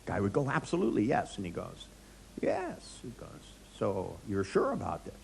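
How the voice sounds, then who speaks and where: A man's voice: low voice, animated, a little fast, gravelly, darkish tone, slight background noise. A middle-aged man, a therapist, giving a live seminar lecture, joking, telling anecdotes and quizzing the audience. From United States.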